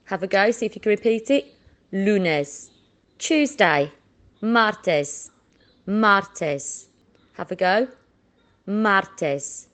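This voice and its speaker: A woman teaching children a Spanish lesson, slowly drawing out each word for them to repeat. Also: mid-range voice, lively intonation, fairly bright tone. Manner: slow, drawn-out modelling of words for repetition.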